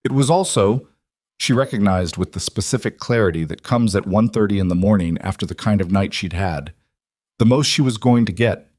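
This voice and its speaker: A man narrating a story in a steady, deliberate audiobook reading. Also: fairly low pitch, no room sound, studio quality.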